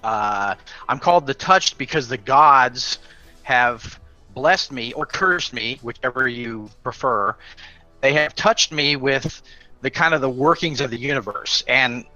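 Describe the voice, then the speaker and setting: A man playing a mad male character touched by the gods, introducing himself in a halting, rambling way. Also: medium pitch, bright, forceful tone, lo-fi sound, faint music behind.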